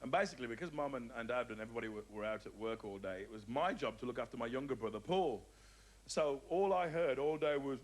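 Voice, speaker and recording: A man from the English Midlands doing stand-up, telling stories in an animated way and slipping into voices. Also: mid-range voice, quick pace, a little hiss or hum. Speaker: stand-up comedian. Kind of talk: stand-up storytelling.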